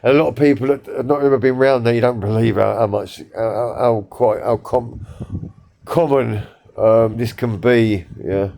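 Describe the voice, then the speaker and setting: A man's voice: mid-range voice, steady tone, normal speed, vocal fry, warm tone. A man vlogging casually, rambling with many fillers and repeats, blunt and swearing. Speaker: social media vlogger. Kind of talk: casual talk to camera.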